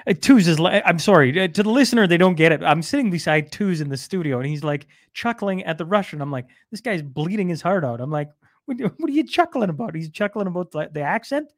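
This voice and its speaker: A man co-hosting a radio show from the studio, animated and emphatic in his banter. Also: on the high side, quick pace, few pauses, no echo. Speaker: radio co-host.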